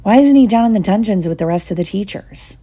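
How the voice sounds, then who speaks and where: A woman voicing a brave young schoolboy who speaks urgently and low. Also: lively intonation, fast, dark tone, breathy edge.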